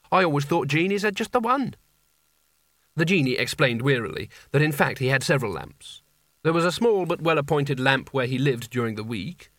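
Guy reading an audiobook, steady dry narration, no room sound at all. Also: medium pitch, dry recording. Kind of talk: scripted narration.

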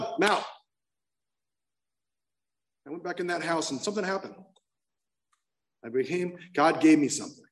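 A man's voice: medium pitch, recorded from a distance. A man candidly telling his personal recovery story, emotional, with many restarts. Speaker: speaker sharing his story.

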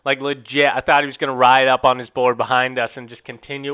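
A man's voice: mid-range voice, flat delivery, fast, hardly any pauses, clean tone. A man telling a rambling, profane story on a casual podcast, full of "eh" and "like". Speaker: podcast co-host. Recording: narrow, phone-like sound.

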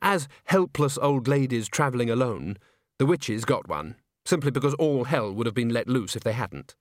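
Man, audiobook narration, expressive, mid pitch, dry close recording. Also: moderate pace, no room sound. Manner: expressive storytelling. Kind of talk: scripted narration.

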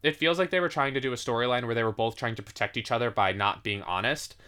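A man co-hosts a relaxed podcast chat, his voice bright and forward. He rambles, restarts his sentences and scatters "like" through his talk. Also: medium pitch, fast talker, smooth. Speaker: podcast co-host. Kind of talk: casual chat.

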